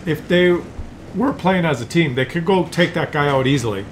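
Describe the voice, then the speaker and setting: A man casually commentates a tank battle replay, chatting to his viewers and teasing the player he watches. His voice sits a little high for a man. A faint hiss of background noise runs under the recording. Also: expressive, normal speed. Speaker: game commentator.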